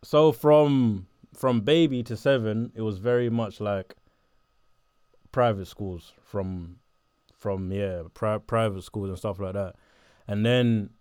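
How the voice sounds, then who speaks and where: A young man from southeast London with a South London accent, chatting casually in an interview, laid-back and quick to laugh. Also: lowish voice, a little mellow, smooth, dry recording, studio quality. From Botswana, raised in southeast London.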